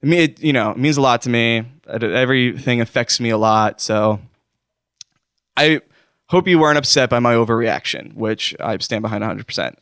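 Guy hosting a goofy call-in show, rambly and self-deprecating, smooth voice, dry sound. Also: mid-range voice, brisk, fairly bright tone, no echo. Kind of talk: comedic call-in show banter.

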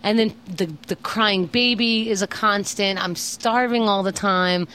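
A woman's voice: medium pitch, fairly even intonation, unhurried, a bit bright, clear, resonant tone. Tired, chatty woman in casual talk. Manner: chatty, quotes herself in the story, blunt complaints. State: tired from travel. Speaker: co-host. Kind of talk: casual chat, storytelling.

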